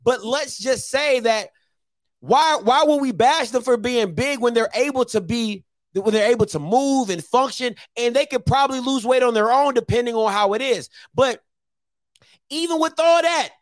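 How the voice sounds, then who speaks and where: High-voiced guy running a call-in show, blunt, in your face, dry close sound. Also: normal speed, no room sound. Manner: blunt, confrontational, repeats phrases. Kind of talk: heated call-in commentary.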